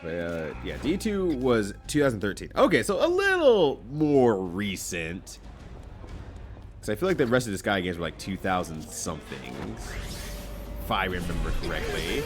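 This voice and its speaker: A man's voice: low voice, wildly swooping pitch, moderate pace, faint music behind. A man streaming live, chatting casually while he plays, rambling along and correcting himself as he goes.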